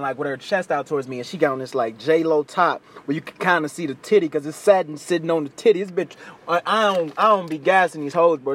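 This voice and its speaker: Young male podcast host, fast storyteller, crude slang, animated voice jumps. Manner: animated, acts out quoted voices with big pitch jumps; crude slangy street talk. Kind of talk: casual storytelling chat.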